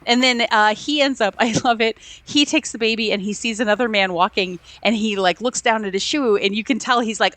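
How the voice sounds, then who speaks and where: Casually discussing films as a podcast co-host, this woman speaks a little fast in a fairly high, slightly bright voice with hardly any pauses and no echo. She eagerly recounts scenes, performs quotes and laughs frequently.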